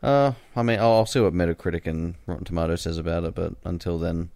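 A man on a gaming podcast, laid-back and halting, joining over a call. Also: sits low, fairly even intonation, darkish tone, no echo. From Australia. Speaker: podcast panelist. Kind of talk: casual podcast chat. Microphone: remote call mic.

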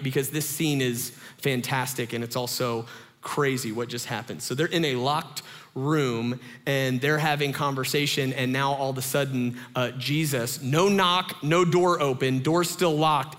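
A man in his thirties, a pastor giving a sermon in a chatty, animated storytelling way. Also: mid-range voice, a little slow, big-room sound. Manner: animated, conversational storytelling with lots of fillers.

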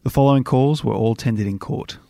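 An Australian man reading a scripted podcast warning in a measured, plain way. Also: medium pitch, gravelly, mellow, no echo, studio quality. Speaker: podcast narrator. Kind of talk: scripted narration.

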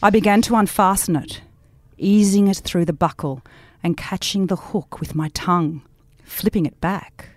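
Cool ruthless heroine, hushed half-whisper, slightly low, very dry sound, woman reading aloud. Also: normal speed, no room sound, lightly acted. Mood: sultry.

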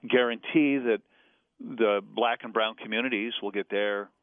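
A man, a radio host calling in as a guest, chatting in an animated, hyper way and laughing easily. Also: on the low side, moderate pace, no echo. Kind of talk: casual radio chat over the phone. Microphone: telephone. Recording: tinny phone line, dry.

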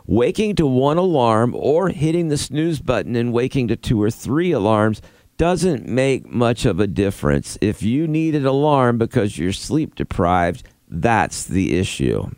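A man's voice: mid-range voice, big pitch swings, unhurried, a little mellow, no echo. A middle-aged man co-hosting a morning radio show, chatting through study findings with his co-hosts.

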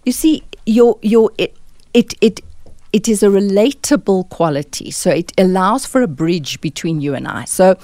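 A woman from South Africa, a dialect coach, explaining clearly and instructively as a guest in a radio studio interview. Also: medium pitch, moderate pace, warm tone, dry recording.

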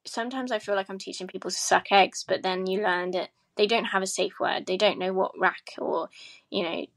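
A woman's voice: medium pitch, brisk. Frank woman guest on a podcast. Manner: frank and earnest, some hesitant restarts. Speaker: podcast guest, sex educator and content creator. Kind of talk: casual podcast conversation.

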